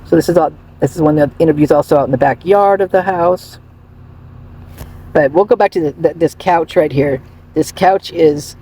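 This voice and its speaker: Husky woman rambling through gossip on her channel, lots of restarts. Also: deep voice, dark tone. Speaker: channel host commenting on celebrity photos. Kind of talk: casual commentary vlog.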